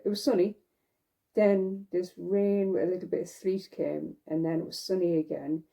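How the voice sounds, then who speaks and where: A woman's voice: mid-range voice, creaky, mellow, breathy edge. A woman vlogger chatting casually while she knits, rambling from one thought to the next. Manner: rambling and chatty, with fillers and self-corrections. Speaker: knitting vlogger. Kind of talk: casual chat while knitting.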